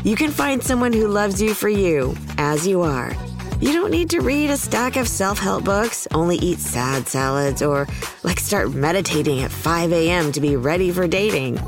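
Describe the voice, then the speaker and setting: A woman reading a radio ad in a casual, sassy best-friend way. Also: mid-range voice. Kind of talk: chatty radio ad. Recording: music behind.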